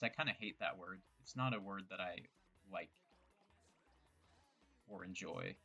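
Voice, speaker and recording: A man's voice: sits low, unhurried, gravelly, long pauses, bright, forceful tone, breathy edge, faint music behind. A young man giving loose, joking commentary while playing a game, rambling and poking fun at his own words. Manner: rambling, joking, self-mocking asides. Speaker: gameplay streamer. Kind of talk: casual gameplay commentary.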